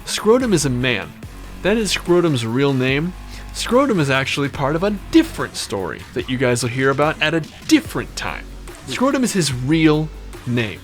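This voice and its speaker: A man's voice: mid-range voice, huge pitch swings, normal speed, faint music behind. A man hosting a podcast, telling a long story in a rambling, profane way with digressions.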